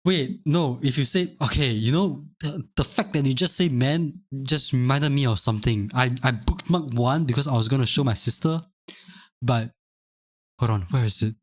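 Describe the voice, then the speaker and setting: A man's voice: medium pitch, normal speed. Rambling young male streamer. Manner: rambling, stammering restarts, laughing often. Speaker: live streamer. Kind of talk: casual chat.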